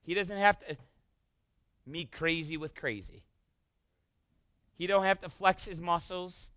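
Emphatic high-voiced male preacher. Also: no echo. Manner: emphatic, swinging from loud to hushed. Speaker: pastor. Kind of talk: sermon.

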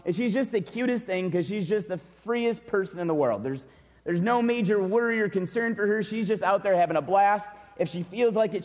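Middle-aged guy preaching in church, animated story, lots of reverb. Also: sits high. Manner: animated storytelling, shouts when acting out cheers. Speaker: pastor. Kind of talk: sermon with personal story. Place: church sanctuary.

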